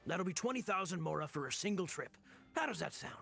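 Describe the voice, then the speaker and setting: An actor playing a sly male odd-job worker who haggles hard, speaking with a put-on Irish accent and a husky voice in a video game. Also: sits high, lively intonation, fast, bright, forceful tone, faint music behind, full character voice. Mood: shrewd haggling. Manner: shrewd, bargaining, sly.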